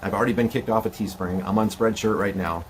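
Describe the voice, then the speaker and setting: A man's voice: fairly low pitch, fairly even intonation, quick pace, slight background noise. A man in a played video clip, talking earnestly and justifying himself to his viewers. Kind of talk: monologue to camera in a played clip.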